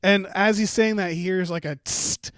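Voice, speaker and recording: Recorded dry with studio quality, a high-pitched, fairly bright-toned man speaks at a moderate pace with fairly even intonation. He's a podcast co-host making up a funny story in an improv game, rambling, hesitant and full of fillers.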